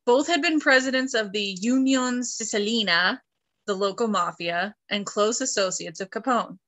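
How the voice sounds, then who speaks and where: A woman's voice: a little high, normal speed, a bit bright. A woman co-hosting a podcast, reading history notes and throwing in joking asides in casual chat. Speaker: podcast co-host.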